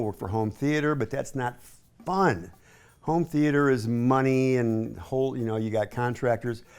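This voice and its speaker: A man's voice: medium pitch, creaky, darkish tone. A man in his sixties from East Tennessee, a hi-fi sales associate giving a chatty, rambling home tour with folksy asides. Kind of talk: casual home tour chat.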